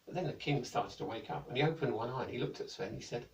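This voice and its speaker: A British man narrating a children's story in a gentle, playful, lilting way. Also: mid-range voice, fast, hardly any pauses, a little hiss or hum. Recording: echoey room, mic at a distance.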